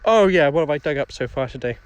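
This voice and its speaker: A man with a fairly high, expressive voice talks fast over slight background noise. He's hosting a casual outdoor livestream, chatting and joking with viewers while he digs for finds.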